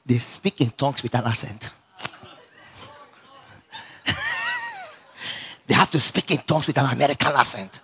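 A man with a Nigerian accent preaching a sermon in an animated storytelling way, laughing often, repeating phrases and calling for responses from the congregation. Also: mid-range voice, normal speed, pauses often, breathy edge.

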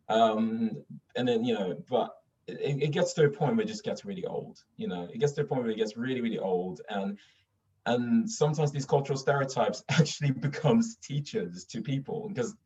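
A man from Sweden chatting casually in an animated way, often repeating himself and laughing through his stories. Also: mid-range voice. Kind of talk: casual conversation. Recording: distant, dull lo-fi mic.

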